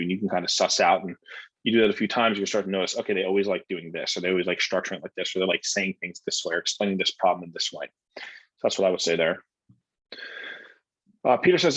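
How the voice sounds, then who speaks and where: Man, low husky voice, casual blunt coach answering questions, dry lo-fi sound. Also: fast talker, fairly bright tone, dry recording.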